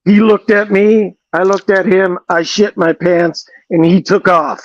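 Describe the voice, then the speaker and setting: A man in a casual sports chat, telling a short story in a relaxed, low-key way. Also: unhurried, muffled recording.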